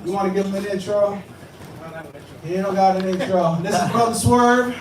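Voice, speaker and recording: A man's voice: high voice, normal speed, recorded from a distance. A young man on stage at an open mic, telling stories in a laid-back, profane way. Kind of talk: casual stage banter. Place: bar with a live audience. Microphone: stage microphone. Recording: echoey room from off-mic, crowd noise.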